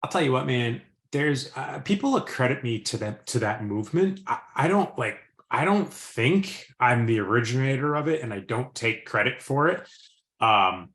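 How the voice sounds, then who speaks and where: A man hosting a podcast, talking frankly and relaxed in casual chat. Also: mid-range voice, moderate pace. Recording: roomy echo.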